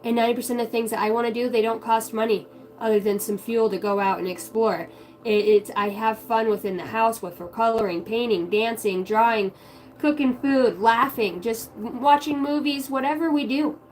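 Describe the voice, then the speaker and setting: A woman's voice: on the high side, moderate pace, a little mellow, poor audio. A woman giving a casual, heartfelt spiritual monologue, candid and swearing freely. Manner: acts out quoted voices in her stories. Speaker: spiritual vlogger.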